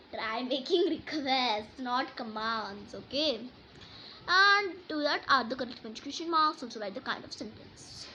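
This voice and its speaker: Woman, teacher, lively example reading, faint background hiss. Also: high voice, highs cut off. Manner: explanatory, reads example sentences aloud with emphasis. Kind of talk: online grammar lesson.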